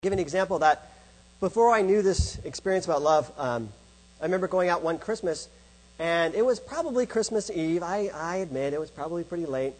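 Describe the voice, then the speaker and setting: Husky high-voiced man speaking to an audience. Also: lively intonation, a little fast, darkish tone, low-quality recording. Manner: asks and answers rhetorical questions. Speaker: speaker on love and faith. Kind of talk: presentation to an audience.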